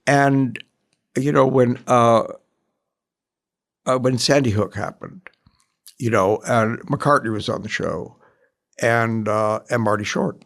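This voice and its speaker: Halting, reflective older man. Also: mid-range voice, vocal fry, fairly bright tone. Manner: reflective, halting, many restarts. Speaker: guest, longtime show producer. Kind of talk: casual conversation.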